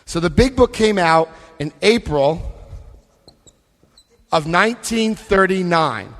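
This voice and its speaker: Male convention speaker, high-pitched voice, emphatic, repeats himself, long hall reverb. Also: expressive, takes it slowly, fairly bright tone. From United States. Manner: emphatic, repeats key phrases, asks the crowd questions. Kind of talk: recovery talk with book reading.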